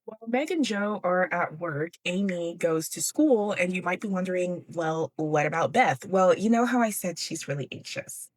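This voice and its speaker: A woman's voice: lowish voice, animated, moderate pace, few pauses, a little mellow. Chatty young woman recapping a novel. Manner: chatty, giggly, swears casually. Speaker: book podcast host. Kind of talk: casual book recap.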